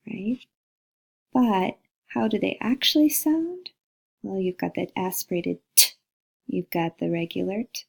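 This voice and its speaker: In this recorded slide lecture, a linguistics instructor pronounces example words to demonstrate each sound as she goes. She has a fairly low, creaky voice with a darkish tone.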